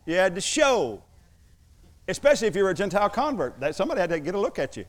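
A male pastor preaching to his church with a somewhat high voice. He drives his points home with emphasis and slips in joking asides between them. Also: sing-song, very fast. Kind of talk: sermon.

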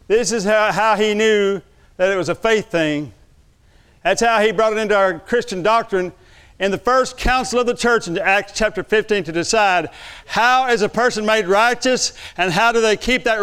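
A man with a high, smooth and resonant voice preaches a lively sermon. He drops to quiet, close asides and then swells into loud calls to the congregation. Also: normal speed. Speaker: pastor. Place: church sanctuary.

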